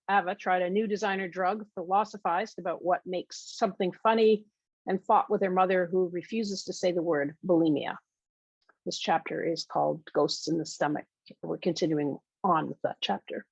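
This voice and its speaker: A woman, the author, reading her own novel aloud in a measured, intimate storytelling manner. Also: lowish voice, fairly even intonation, gravelly, husky, no room sound, muffled recording.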